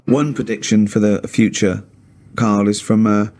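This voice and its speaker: A man's voice: lowish voice, steady tone, unhurried, a little mellow, slight background noise. A man co-hosting a comedy podcast, telling anecdotes and teasing with dry sarcasm. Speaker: co-host.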